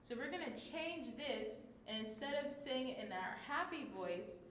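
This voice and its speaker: A woman's voice: animated, a little slow, fairly bright tone. A woman teaching a livestreamed class, encouraging and marking the tone for each line. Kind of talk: livestreamed class, reading aloud. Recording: echoey room with faint rumble.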